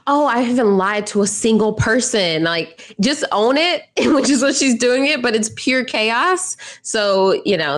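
A woman co-hosting a casual reality-show recap podcast, bubbly and laughing often as she talks in quick run-on sentences. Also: medium pitch. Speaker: podcast co-host.

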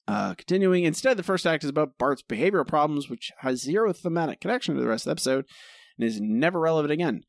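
Man, podcast co-host, critical and exasperated, lively intonation, dry close sound. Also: on the high side, no echo. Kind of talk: casual podcast chat.

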